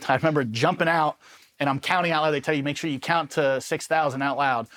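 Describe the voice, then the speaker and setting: A man from Los Angeles, a former Army Ranger, telling war stories in a casual, animated interview and swearing freely as he acts out the people he quotes. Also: fairly high pitch, fast talker. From Los Angeles, USA. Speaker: Army Ranger veteran guest.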